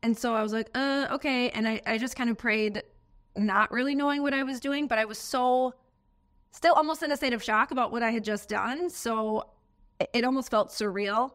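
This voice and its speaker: American woman, earnest, emotional, animated testimony, interview. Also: a little high, moderate pace. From United States. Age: adult, has a daughter.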